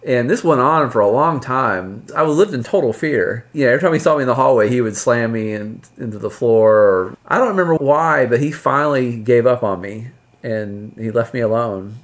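A man's voice: medium pitch, normal speed. Man spinning a funny anecdote. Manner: humorous, self-deprecating. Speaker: storyteller on a podcast. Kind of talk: casual storytelling.

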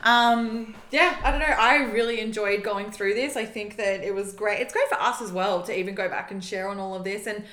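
A woman's voice: mid-range voice, fairly even intonation, fairly quick, few pauses, fairly bright tone. A woman co-hosting a podcast, chatting casually in an upbeat, motivational way with lots of "like". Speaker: podcast co-host.

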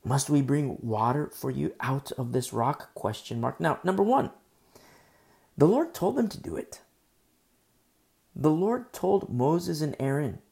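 A man's voice: mid-range voice, creaky, darkish tone. A man preaching a sermon, teaching through a Bible passage and repeating key phrases for emphasis. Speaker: pastor.

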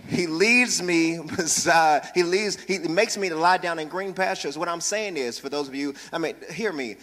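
A man's voice: on the high side, normal speed, hardly any pauses, a bit bright. A man, a pastor, preaching a sermon in church with humor and calls for the congregation to respond. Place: church sanctuary. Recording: reverberant church hall.

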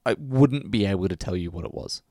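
A man's voice: low-pitched, animated, brisk, warm tone, no echo, studio quality. A man co-hosting a podcast in casual chat, ranting heatedly with profanity and restarts. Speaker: podcast co-host.

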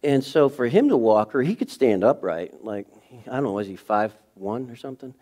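Man preaching an animated sermon. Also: mid-range voice, normal speed. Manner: animated storytelling, acting out scenes with sudden shifts in loudness. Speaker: pastor. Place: church sanctuary.

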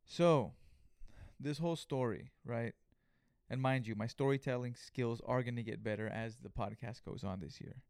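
A man's voice: medium pitch, normal speed, creaky, smooth, dry recording, studio quality. A young man hosting a podcast, telling a story casually and profanely, acting out what people said. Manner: profane, animated retelling with acted-out quotes. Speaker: podcast host.

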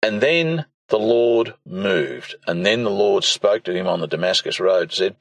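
Gravelly, husky man teaching scripture. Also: sits low, animated, unhurried, hardly any pauses, no echo, poor audio. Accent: British or Commonwealth spelling (realised, armour). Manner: reads scripture aloud and explains it, with fillers and restarts. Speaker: preacher. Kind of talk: bible teaching podcast.

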